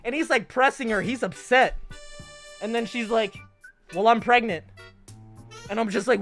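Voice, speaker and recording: Soft music plays behind a very high-voiced man talking casually to his stream viewers. He's lively and profane, performing bits of quoted dialogue in rapid bursts.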